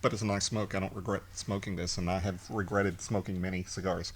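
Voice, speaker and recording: Man, lowish voice, brisk pace, bright tone, dry jokey co-host. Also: little pitch movement, slightly rough. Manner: dry, joking asides. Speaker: podcast co-host. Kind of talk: casual review chat.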